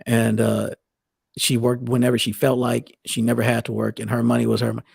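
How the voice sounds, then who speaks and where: A man's voice: mid-range voice, monotone, fairly quick, creaky, a little mellow, breathy edge, no room sound, studio quality. A middle-aged man talking casually as a podcast co-host, rambling and restarting his sentences often. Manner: rambling, many restarts and self-corrections. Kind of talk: casual conversational talk.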